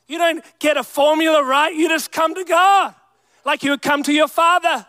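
A man's voice: very high voice, fairly quick, sharp tone, dry recording. A young man preaching a sermon with emphatic delivery, calling out to the congregation. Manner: emphatic preaching with crowd call-outs. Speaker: pastor.

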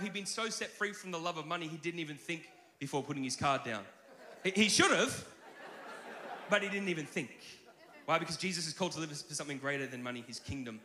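A man preaching a sermon as pastor, telling stories in a conversational, animated way with many restarts. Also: fairly high pitch, roomy sound.

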